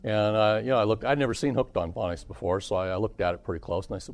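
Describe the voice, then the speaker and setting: A man teaching a parenting seminar to a live audience, keeping it lively by asking the listeners questions. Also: fairly low pitch, quick pace. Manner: animated, asks the audience questions.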